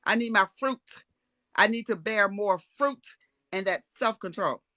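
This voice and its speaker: A woman with a bright, forceful voice, talking in a casual chat. She is animated and preachy, and she laughs now and then. The sound is dry and close. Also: medium pitch, unhurried, no room sound. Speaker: co-host.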